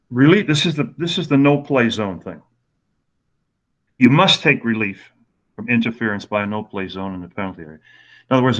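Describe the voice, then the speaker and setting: An older man in his sixties leads a golf rules webinar over a video call, pausing often and filling gaps with ums. His voice sits fairly low. The audio is dull and lo-fi. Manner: relaxed, halting, lots of fillers. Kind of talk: webinar lecture with anecdotes.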